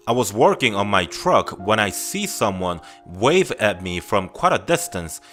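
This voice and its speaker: Low-voiced man narrating scary stories. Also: fairly bright tone. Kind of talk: scripted first-person story narration.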